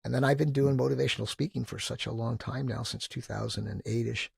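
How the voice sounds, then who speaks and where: Man in his sixties, gravelly voice, husky, animated storytelling, dry close sound. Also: mid-range voice, quick pace, dry recording. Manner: animated, enthusiastic storyteller, acting out quotes. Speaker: guest. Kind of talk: casual storytelling interview.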